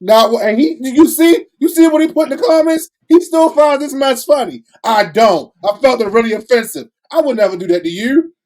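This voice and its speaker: A man with a Baltimore accent co-hosting a casual podcast chat. He tells stories with animated energy and teases his co-host. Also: very high-pitched, moderate pace, few pauses. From Baltimore, USA. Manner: animated storyteller, teasing and laughing.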